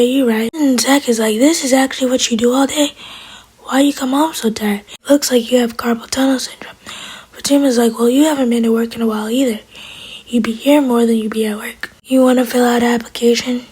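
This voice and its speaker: Woman whispering a tv recap, fairly high voice, super breathy, sassy little side comments. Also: darkish tone, rough recording. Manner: retells scenes with "is like" quotes and sassy asides. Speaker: TV episode reviewer.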